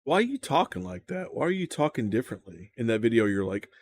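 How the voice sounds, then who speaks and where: A man's voice: mid-range voice, very animated, fast talker. A man hosting casual reaction commentary, swearing freely and stammering over repeated words. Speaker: commentary host.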